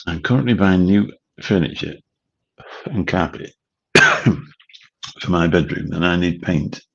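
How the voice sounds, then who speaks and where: Man, late 50s, livestream host; husky, very deep, chatty and rambling. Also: animated, unhurried, fairly bright tone, lo-fi sound. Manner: rambling, chatty, swears casually. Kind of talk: late-night livestream chat. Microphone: studio mic through a mixer.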